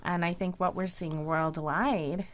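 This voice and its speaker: A Caymanian woman, a speech therapist, explaining her field on a radio talk show in a clear, instructive way. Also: lowish voice, fairly even intonation, measured pace. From Cayman Islands. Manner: clear, instructive, warmly encouraging.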